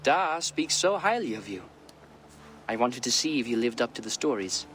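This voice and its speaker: An actor playing a cocky, defiant young Viking prince in a video game. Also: male voice, medium pitch, big pitch swings, normal speed, fairly bright tone, slight background noise. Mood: earnest. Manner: defiant, boastful.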